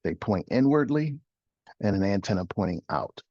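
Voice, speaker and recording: A middle-aged man with a low, husky voice gives a motivational coaching talk. He is emphatic, repeats his phrases and asks rhetorical questions. The studio recording is dry and a little dull. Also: animated, normal speed, darkish tone, no room sound. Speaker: host and life coach.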